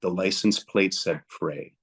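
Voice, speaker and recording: On a podcast as a guest, a young man with a deep, very low voice walks through a hard chapter of his life. He speaks bluntly, stresses his points, and often plays out what he said back then, moving a little quickly with a fairly bright tone.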